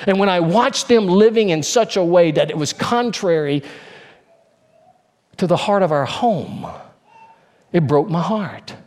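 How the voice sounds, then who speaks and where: This pastor is animated, speaks a little slowly, and leaves long pauses. He preaches earnestly, repeating important phrases and dropping to a low, hushed voice for the solemn moments.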